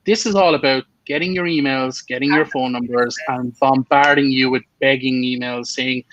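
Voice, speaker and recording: A man's voice: mid-range voice, moderate pace, hardly any pauses, fairly bright tone, no room sound, muffled recording. A man co-hosting a casual political chat show, blunt and opinionated, swearing freely. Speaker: podcast co-host.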